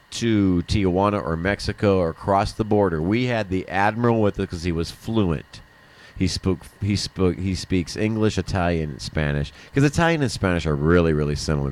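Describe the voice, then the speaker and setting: A middle-aged man hosting a livestream from a studio, chatting casually and laughing often, with some swearing. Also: sits low. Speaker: livestream host. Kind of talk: casual chat.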